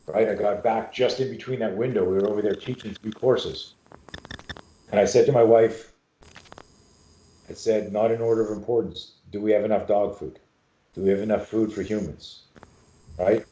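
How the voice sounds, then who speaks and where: A man's voice: fairly low pitch, warm tone. Intense, profane middle-aged man in an echoey room. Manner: intense, profane, emphatic storytelling. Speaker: self-defense expert guest. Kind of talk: podcast interview.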